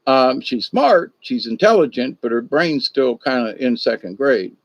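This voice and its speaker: An older man hosting a livestream tells a folksy, meandering story packed with asides. His medium-pitched voice is expressive and measured, and the dull, dry lo-fi recording has no room sound.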